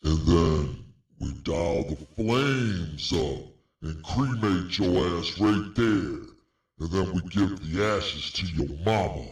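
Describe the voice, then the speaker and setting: Brief: man voicing slow, deep-voiced profane tough guy, heard off-mic in a roomy space. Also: expressive, recorded from a distance. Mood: menacing. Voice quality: profane, threatening. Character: gruff foul-mouthed menacing tough guy.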